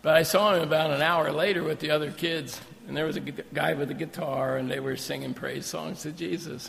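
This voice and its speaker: Male missionary preacher, sermon delivery, gravelly tone, echoing sanctuary. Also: fairly high pitch, brisk, few pauses, a little hiss or hum. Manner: animated, storytelling, jokey asides. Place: church sanctuary.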